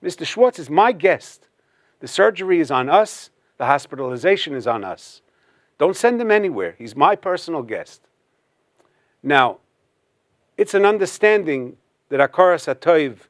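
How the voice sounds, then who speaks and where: A man tells a story as part of a religious talk, working Hebrew terms into his narration. His voice sits a bit high for a man. The sound is dry and close. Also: no echo. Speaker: religious speaker.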